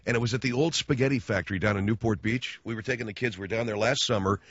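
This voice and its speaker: A man's voice: lowish voice, fast, fairly bright tone, slightly rough, dry recording, lo-fi sound. A man hosting a radio show, telling a comic, sarcastic story in a rambling monologue with many restarts. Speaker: radio host.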